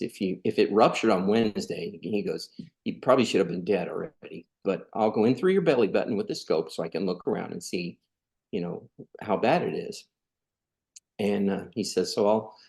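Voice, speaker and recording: A middle-aged man from California tells a personal story on a podcast. His voice sits low with a gravelly edge. He stays earnest and conversational and acts out what others said. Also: darkish tone. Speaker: podcast guest. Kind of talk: storytelling in a casual interview.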